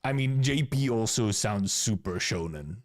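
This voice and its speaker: A man's voice: fairly low pitch, lively intonation, unhurried, soft background music. A Finnish streamer chatting casually as he reviews game content, rambling and restarting his words. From Finland. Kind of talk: casual live-stream commentary.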